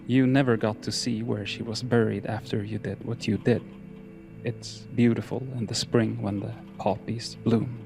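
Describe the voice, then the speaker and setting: A man narrating horror fiction in a slow, measured, solemn delivery. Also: fairly low pitch, level tone, gravelly, music in the background.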